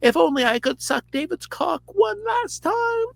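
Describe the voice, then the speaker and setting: A man voicing a melodramatic grieving young man who wails and shouts. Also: sing-song, unhurried, creaky, no room sound, heavily acted. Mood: wailing. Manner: high, crying, shouted wail.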